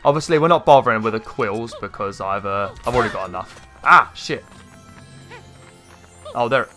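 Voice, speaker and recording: A man giving casual gameplay commentary, chatty and rambling, with an irritated throat that he keeps clearing. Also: on the low side, normal speed, sharp tone, soft background music. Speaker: gaming YouTuber.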